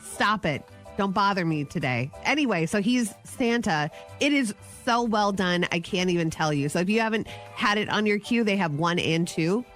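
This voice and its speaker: A woman's voice: mid-range voice, animated, normal speed, fairly bright tone. A woman co-hosting a radio show in casual banter, with a voice that moves expressively up and down. She talks in a playful, chatty way over faint background music.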